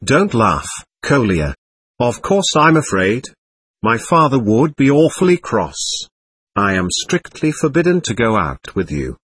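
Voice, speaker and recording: A man's voice: medium pitch, big pitch swings, measured pace, fairly bright tone, husky, no echo, studio quality, exaggerated voice. A man voicing a timid young schoolboy who speaks anxiously and cautiously.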